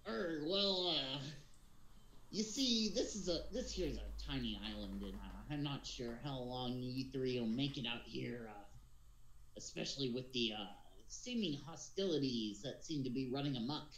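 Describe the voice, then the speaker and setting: A gruff, eye-patched, one-legged pirate captain, put on by a man running a tabletop game, growls out his words in a slow, hesitant drawl full of "arr"s. His voice rises above his usual talk and swings widely in pitch. The room rings with a roomy echo. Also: animated, fairly bright tone, a little hiss or hum. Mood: gruff scheming.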